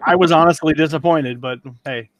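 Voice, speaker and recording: A man's voice: fairly high pitch, brisk, fairly bright tone, no room sound. A man in his forties from Missouri, an antiques dealer chatting casually and joking as a guest on a live auction stream. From Missouri, USA. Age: 40s. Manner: joking, laid-back.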